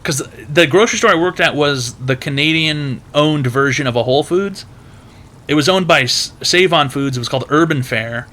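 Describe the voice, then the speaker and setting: Bright-voiced man telling a rambling story. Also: on the high side. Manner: rambling, profane, heavy filler words. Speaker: advice stream host. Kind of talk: casual storytelling.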